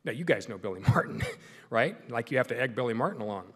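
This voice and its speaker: A man's voice: mid-range voice, animated, fast talker, husky. A middle-aged male sportscaster giving a folksy, joking speech to a club in a large meeting hall. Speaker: sportscaster and guest speaker. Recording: echoey hall with long reverb.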